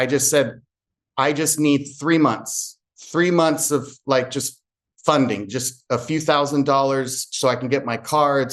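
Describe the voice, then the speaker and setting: A man who works as a real estate agent tells an earnest personal story to a group and acts out remembered conversations. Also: mid-range voice.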